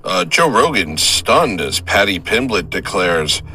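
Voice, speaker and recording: Low slow-talking man with a bright tone. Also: big pitch swings, slight background noise. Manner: halting, slow, trips over words with uh and restarts. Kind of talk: comedic rambling monologue.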